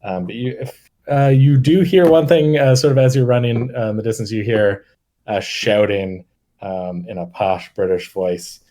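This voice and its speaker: A man's voice: lowish voice, normal speed, dark tone. A man narrating as game master, rambling with lots of fillers and frequent laughter.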